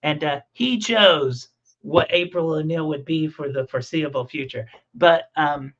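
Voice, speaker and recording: A man's voice: fairly high pitch, measured pace. A man telling stories and rambling in a casual conversation about making comics. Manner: rambling, animated storytelling with restarts. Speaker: comic creator and podcast host. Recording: muffled lo-fi audio.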